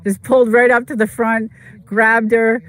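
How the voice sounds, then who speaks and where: Livestream host who chats casually, rambling and halting between fillers. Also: medium pitch, flat delivery, a bit bright. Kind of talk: casual chat while streaming a game.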